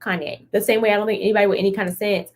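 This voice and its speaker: A woman's voice: medium pitch, fairly even intonation, rapid-fire, a little mellow. A young woman co-hosting a podcast, talking in a blunt, emphatic, slangy way. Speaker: podcast co-host. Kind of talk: casual chat.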